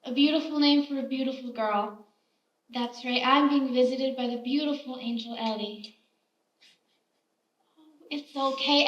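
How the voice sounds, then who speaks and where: Brief: actress as a bossy, kindly old-time homemaker, high voice, roomy stage sound from a distance. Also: female voice, a bit bright, muffled recording. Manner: motherly, scolding, chatty. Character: kindly, bossy frontier woman baker. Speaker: stage actor. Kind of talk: live stage play acting. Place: theater stage. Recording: roomy theater stage, heard from afar.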